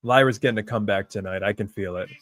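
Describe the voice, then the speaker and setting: Excitable male fan calling a match. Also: fairly low pitch, fast talker. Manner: excitable, chatty fan talking to chat. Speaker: wrestling reaction streamer. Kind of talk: live reaction and play-by-play commentary.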